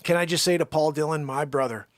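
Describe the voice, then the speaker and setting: A man hosting a live stream with a slightly high voice, rambling through effusive shout-outs to his viewers. The sound is dry and close, with no room around it. His casual chat runs loose and upbeat. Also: fast, no room sound. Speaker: livestream host.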